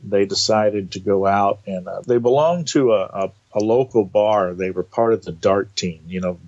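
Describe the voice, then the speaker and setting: A man telling a personal story in a casual, animated way, acting out the quoted dialogue. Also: fairly low pitch, moderate pace, lo-fi sound. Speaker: guest telling of entity encounters.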